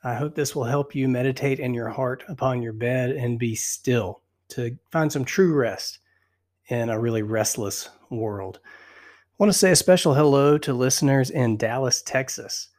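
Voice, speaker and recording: A man's voice: medium pitch, measured pace, darkish tone. Breathless man leading scripture meditation. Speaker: podcast host.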